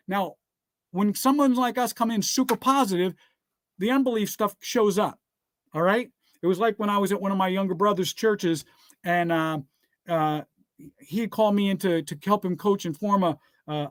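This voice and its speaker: A man's voice: high-pitched, normal speed, no room sound, studio quality. A man giving a motivational speech built on scripture, talking emphatically and often telling listeners to write things down. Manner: repeats "guess what" and "all right". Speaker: motivational speaker.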